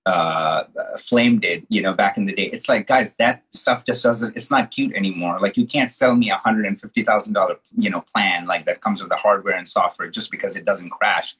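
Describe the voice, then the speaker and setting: A man hosting a relaxed interview chat, lively and full of slang. His voice is deeply husky and rough-edged. He talks fast and excitedly, with quick asides. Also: rough recording. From from the US Midwest. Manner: animated, slangy, calls people dude. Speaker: host, colorist.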